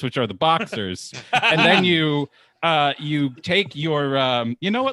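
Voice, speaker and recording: A man's voice: a little high, big pitch swings, measured pace, pushed and bright, dry recording. A man co-hosting a comedy podcast, riffing in a playful, goofy way. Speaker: podcast co-host. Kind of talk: casual comedic chat.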